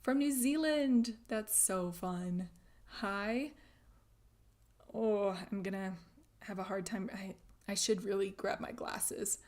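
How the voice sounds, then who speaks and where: A woman's voice: medium pitch, takes it slowly. Chatty woman hosting a crafting livestream. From grew up speaking German at home in the US. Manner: chatty, laughs often, trails into soft asides. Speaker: crafting channel host. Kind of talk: casual livestream chat reading comments.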